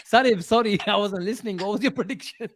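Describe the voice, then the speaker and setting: A man's voice: high-pitched, fast, crowd noise. A man on a fan panel, mocking his friends in casual chat and laughing often.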